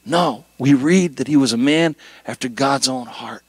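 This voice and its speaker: A middle-aged man preaching a sermon as a guest pastor, conversational and animated, with jokes and rising emphasis. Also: mid-range voice, unhurried, slightly rough, no room sound.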